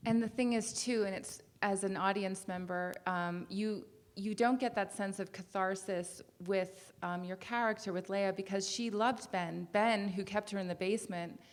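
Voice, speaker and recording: A woman's voice: medium pitch, steady tone, moderate pace, few pauses. A woman interviewer chatting casually, often restarting her questions as she goes.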